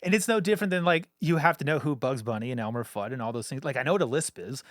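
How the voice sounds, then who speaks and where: A man's voice: mid-range voice, expressive, no echo. A man co-hosting a studio podcast, talking in a loose, casual way with lots of fillers and the odd curse. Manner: loose, swearing, lots of filler words and quick asides. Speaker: podcast co-host. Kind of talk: casual chat.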